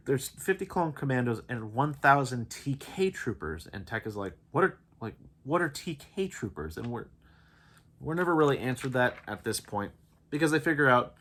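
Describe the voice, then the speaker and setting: A man's voice: lowish voice, fairly bright tone. A man giving a casual, enthusiastic spoiler review, recapping the plot in a rambling way.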